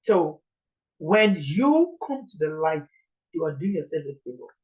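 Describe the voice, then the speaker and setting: A woman's voice: deep voice, big pitch swings, measured pace, a little mellow, low-quality recording. A Nigerian woman preaching an informal sermon in an earnest, pleading way, repeating her points.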